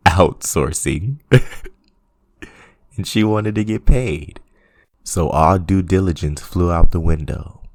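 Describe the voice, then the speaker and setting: A man's voice: a bass voice, a little mellow, no room sound, clean studio sound. A man hosting a commentary channel, ranting sarcastically with frequent laughs and swearing. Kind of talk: casual commentary rant.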